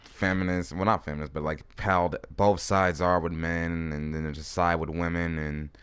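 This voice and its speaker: Deep, smooth male podcast host, dry close sound, rambles a bit. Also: little pitch movement, normal speed, fairly bright tone, dry recording. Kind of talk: casual podcast chat.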